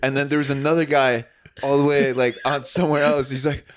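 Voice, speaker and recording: A man's voice: mid-range voice, little pitch movement, brisk, crowd noise. A man co-hosting a podcast in casual chat, telling laid-back stories and swearing freely. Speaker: podcast co-host.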